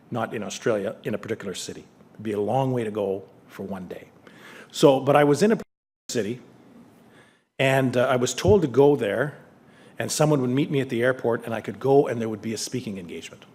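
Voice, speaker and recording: A man's voice: mid-range voice, darkish tone. A middle-aged man from Canada giving a public lecture in a conversational, candid way, weaving in personal stories. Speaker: lecture speaker.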